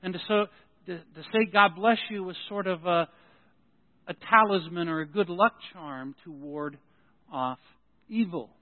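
A man's voice: a little high, a little slow, pauses often. A man preaching a sermon as pastor of his church, folksy and joking, often restarting his sentences. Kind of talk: sermon with announcements. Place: church sanctuary. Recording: tinny phone-like sound in a reverberant hall.

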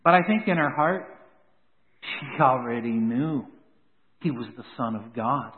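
A man's voice: medium pitch, lively intonation, unhurried. A man preaching a sermon with dramatic rises and drops for emphasis. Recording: tinny phone-like sound with long hall reverb.

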